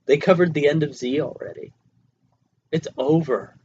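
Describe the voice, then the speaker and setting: A man's voice: a little high, normal speed, a little mellow. A man co-hosting a casual podcast, joking and laughing often, talking right into a close mic on a tripod, with a dull lo-fi sound and faint hiss. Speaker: podcast co-host. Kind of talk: casual chat.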